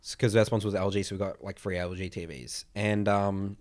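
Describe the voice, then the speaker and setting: Fast-talking laid-back man. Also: deep voice, level tone, a little mellow. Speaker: podcast co-host. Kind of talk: casual chat.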